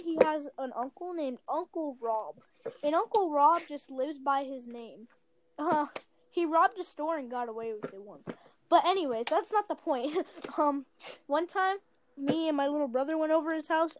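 A woman with a notably high voice tells a meandering personal story. She chats casually, stacking "like" fillers and correcting herself as she goes. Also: slight background noise. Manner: chatty, rambling, lots of "like" fillers and self-corrections. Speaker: storyteller guest. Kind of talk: casual chat, rambling storytelling.

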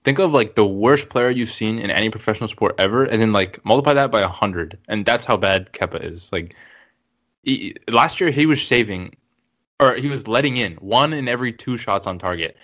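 A young man co-hosting a casual sports podcast, talking fast and excitably and exaggerating for effect. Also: lowish voice. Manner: excitable, quick, exaggerating fan talk. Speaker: podcast co-host. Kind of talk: casual chat.

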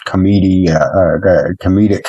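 Deep-voiced, laid-back male co-host. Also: fairly even intonation, unhurried, mellow, breathy edge, dry recording, dull audio. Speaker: podcast co-host. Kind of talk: casual chat.

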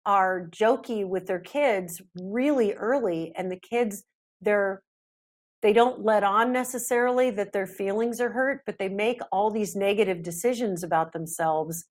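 A middle-aged woman, a parenting expert guest on a podcast interview, talking in a chatty, animated way. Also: mid-range voice, measured pace.

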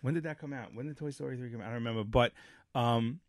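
A man's voice: medium pitch, fast talker, no room sound, clean studio sound. A middle-aged man co-hosting a casual podcast chat, telling stories with lots of restarts and acting out the lines he quotes. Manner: animated storyteller, acts out movie lines, rambling restarts. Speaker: podcast co-host.

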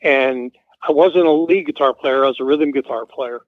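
A man in his seventies calls in to a radio show and tells a loose, rambling anecdote full of fillers and restarts. His medium-pitched voice moves at normal speed with no echo, heard over a tinny phone line on air.

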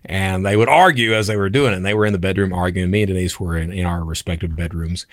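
A man's voice: low-pitched, steady tone, fast talker, no room sound, clean studio sound. A middle-aged man from the United States, hosting his own channel, candidly recounts a personal story in a blunt way with casual swearing. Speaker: channel host.

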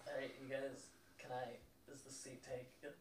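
A man voicing a shy, nerdy schoolboy with an inhaler, talking quietly and mumbling, in a roomy recording. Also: medium pitch, flat delivery, unhurried, distant mic, very noisy, pitched below the performer's own voice, lightly acted. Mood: meek.

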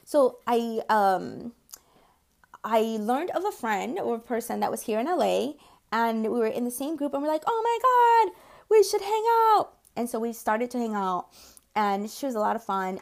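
A woman's voice: a little high, normal speed, gravelly, a little mellow. A woman in her forties hosting a podcast, telling personal stories in a chatty, casual way and sometimes swearing. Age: 40s. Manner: chatty, acts out quoted voices, swears casually. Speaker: podcast host and consultant. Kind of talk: casual storytelling monologue.

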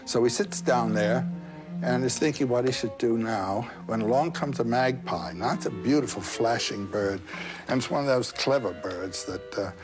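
A man retelling a folk tale in an interview, animated and digressive, with a scholarly turn. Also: medium pitch, normal speed, music in the background. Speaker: guest storyteller.

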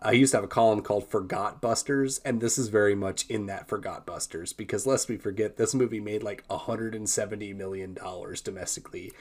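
Wry, low-voiced male podcast co-host. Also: fairly even intonation, a little fast, hardly any pauses, darkish tone. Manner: wry, laughs often, rambling restarts. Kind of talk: casual chat.

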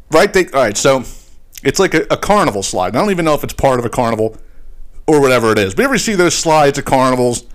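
A man hosting a casual podcast, ranting in a loose, profane way. He tells stories with lots of energy and slips into quick mock voices for the people in them. His pitch swings widely as he gets worked up. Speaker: podcast host.

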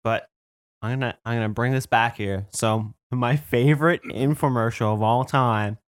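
A man's voice: mid-range voice, steady tone, normal speed, dry recording, studio quality. A man talking bluntly in a casual group chat, swearing offhandedly.

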